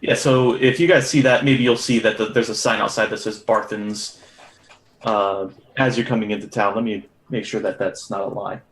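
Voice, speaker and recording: Low-voiced game master in a roomy space. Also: male voice, normal speed. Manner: relaxed, hesitant with fillers. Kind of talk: narrating a tabletop game. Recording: roomy echo.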